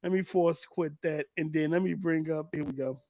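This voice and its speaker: A man's voice: a little high, normal speed, mellow, no echo. A man hosting a casual gaming livestream, talking loosely and with plenty of profanity while he sets up clips. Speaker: livestream host.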